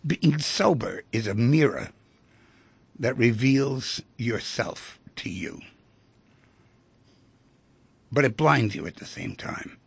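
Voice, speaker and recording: A man's voice: mid-range voice, lively intonation, slow, dry recording. A man hosting a radio talk show, speaking reflectively and turning emphatic at times. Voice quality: gravelly, husky voice. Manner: reflective, swings from hushed to emphatic.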